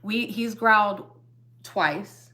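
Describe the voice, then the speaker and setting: A woman's voice: mid-range voice, drawn-out words, sharp tone. A middle-aged woman co-hosting a casual live stream with her husband, chatty, laughing often and trailing off mid-sentence. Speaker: co-host of a couple's live stream. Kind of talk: casual chat.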